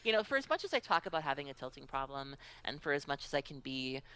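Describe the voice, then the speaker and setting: A woman guest on a podcast telling stories in casual chat, animated and acting out other people's voices. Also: a bass voice, quick pace, noisy background.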